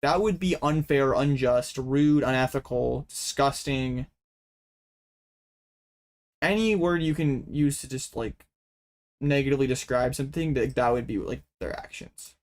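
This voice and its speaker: A young man talking through an online card game in casual commentary. His voice sits at an ordinary middle pitch, and he talks in an excitable way, quick to break into dramatic complaints.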